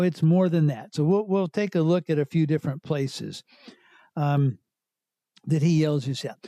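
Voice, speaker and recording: Male Bible teacher, slightly high but mellow voice, unhurried explanatory delivery, dry close recording. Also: no room sound. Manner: unhurried, explanatory, with frequent restarts.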